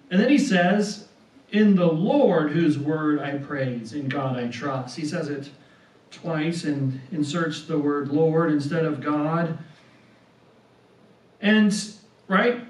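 A man preaching a sermon, slow and deliberate, who often repeats words and tags on "right?". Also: high-pitched. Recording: roomy sound from a distance.

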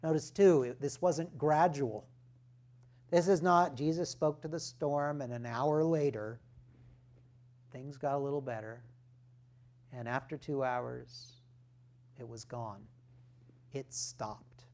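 A male pastor preaching a sermon, deliberate and emphatic, with rhetorical questions and firm points. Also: mid-range voice, darkish tone.

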